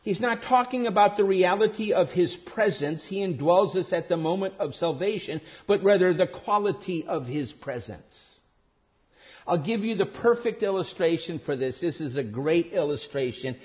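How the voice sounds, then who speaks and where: A man preaching a sermon emphatically, rising to stress key words and then dropping low and quiet. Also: lively intonation, moderate pace, muffled recording.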